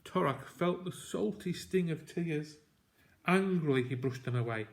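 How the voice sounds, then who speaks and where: A man reading a children's novel aloud in a slow, measured, deliberate way. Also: a little high, lively intonation, creaky. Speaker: audiobook reader. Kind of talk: storybook read-aloud narration.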